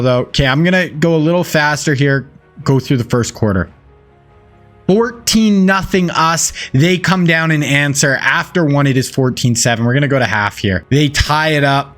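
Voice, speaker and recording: A young man giving excitable, casual play-by-play commentary over his own video game, getting louder on the big plays. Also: a little high. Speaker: gaming YouTuber.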